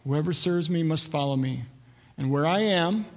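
Pastor, male, slightly higher voice, preaching a sermon with a long hall echo. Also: moderate pace. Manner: expository preaching, acts out quoted voices.

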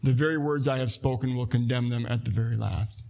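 A man's voice: medium pitch, fairly even intonation, a little fast, vocal fry, a little mellow. A man preaching a sermon as a pastor in a church, reading scripture aloud and putting earnest, direct questions to his congregation.

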